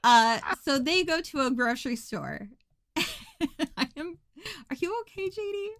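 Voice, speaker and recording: A woman's voice: high voice, sing-song, a little slow, a little hiss or hum. A woman co-hosting a podcast, recapping a film in a sarcastic, joking way and laughing often. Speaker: podcast co-host.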